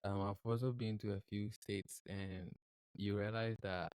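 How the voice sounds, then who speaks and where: A man from Ghana hosting a podcast, asking questions in a casual, hesitant way with many pauses and restarts. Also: on the low side, fairly even intonation, darkish tone, clean tone, no room sound. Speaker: podcast host. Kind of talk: casual interview chat.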